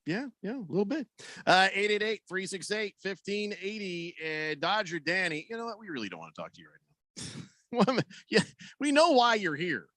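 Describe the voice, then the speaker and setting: A man's voice: high voice, big pitch swings, brisk, bright, forceful tone, dry recording. A man hosting sports talk radio, rambling and joking as he reads listener texts.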